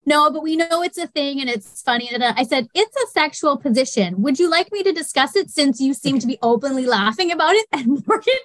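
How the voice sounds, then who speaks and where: High, lively mom telling stories. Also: female voice, brisk, few pauses, dry recording, rough recording. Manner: animated storyteller who acts out quotes. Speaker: podcast guest. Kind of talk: casual chat.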